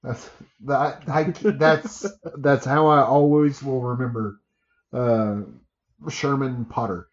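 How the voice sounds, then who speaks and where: A man chatting casually as a podcast co-host, easygoing, pausing with fillers as he recalls things. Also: mid-range voice, fairly even intonation, muffled recording. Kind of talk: casual chat.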